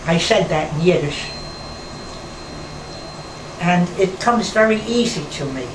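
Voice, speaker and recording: A woman in her nineties from New York, reminiscing slowly in a rambling conversation with pauses and restarts. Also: fairly low pitch, lively intonation. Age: 90s. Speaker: interviewee, former nightclub performer. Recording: roomy, distant mic, air-conditioner hum.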